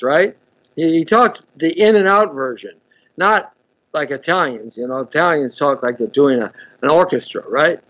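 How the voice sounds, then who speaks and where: A man's voice: fairly high pitch, a bit bright, poor audio. A man hosting a live show, chatting casually, stumbling over and repeating words and greeting viewers by name. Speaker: host. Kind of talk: casual live-stream chat.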